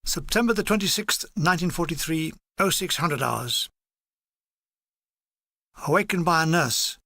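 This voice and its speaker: A man's voice: on the high side, expressive, unhurried, creaky, bright, forceful tone, dry recording. A man reading a comic wartime memoir aloud, with dry timing and voices for the dialogue. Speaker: audiobook reader.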